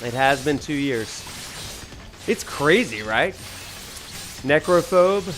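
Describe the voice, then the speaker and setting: Hosting a live gameplay stream with faint game music in the background, an Alabama-born streamer and professor welcomes chat with enthusiasm. He speaks with a Southern US drawl in a slightly high, expressive voice, taking his time.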